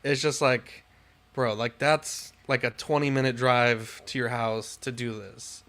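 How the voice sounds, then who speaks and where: A man's voice: medium pitch, steady tone, unhurried, fairly bright tone. Young man, podcast co-host, casual storytelling, frustrated and profane. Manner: exasperated, swears a lot, rants with rising outbursts.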